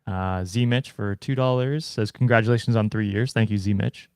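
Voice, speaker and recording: A man's voice: fairly low pitch, steady tone, normal speed, a little mellow, clean tone, no echo, studio quality. A man hosting a live-stream podcast, upbeat as he promotes the channel and reads out donations. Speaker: podcast host. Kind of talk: casual live-stream chat.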